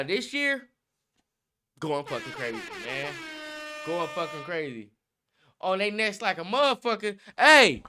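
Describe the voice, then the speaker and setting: Brief: high-pitched man hosting a live show, bright and tense, amped and cursing. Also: clear, resonant tone. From Bay Area, California. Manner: hyped, profane, repetitive slang talk. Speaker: livestream podcast host. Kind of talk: casual hype chat on a live show.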